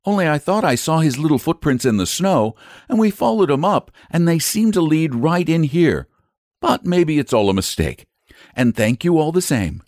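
A man's voice: on the high side, very animated, moderate pace, darkish tone, no room sound, clean studio sound, pitched above the performer's own voice. A man voicing a polite, eager young girl in a storybook reading, speaking in a breathless, pleading way.

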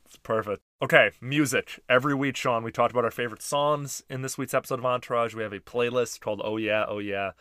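Relaxed male co-host, mid pitch, dry close mic, casual recap chat. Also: quick pace, dry recording. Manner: easygoing, frequent short agreements. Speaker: podcast co-host.

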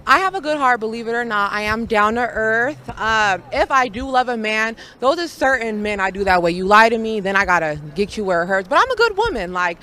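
A woman's voice: on the high side, expressive, a little fast, few pauses, sharp tone. A woman answering street interview questions in a brash, boastful, slangy way. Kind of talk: casual street chat.

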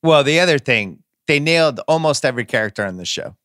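Bright, blunt man hosting a podcast. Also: on the high side, animated, quick pace, dry recording, clean studio sound. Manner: enthusiastic, blunt, swears casually. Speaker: podcast host. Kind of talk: casual chat.

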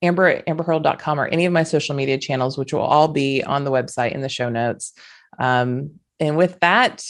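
A woman's voice: low-pitched, brisk. A woman, hosting a podcast and giving an earnest, emphatic motivational monologue with folksy asides. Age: 40s. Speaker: podcast host.

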